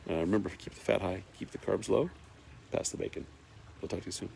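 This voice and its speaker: A man's voice: deep voice, fast, vocal fry, darkish tone, slight background noise. A man hosting a casual live stream from his farm, reading viewer comments aloud and rambling with lots of fillers. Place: farm in Northern California.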